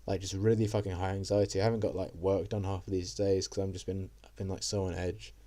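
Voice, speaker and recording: Young male vlogger, deep mellow voice, loose rambling storytime delivery full of fillers and cursing. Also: flat delivery, fast. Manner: rambling, heavy on fillers and swearing. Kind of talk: casual storytime monologue.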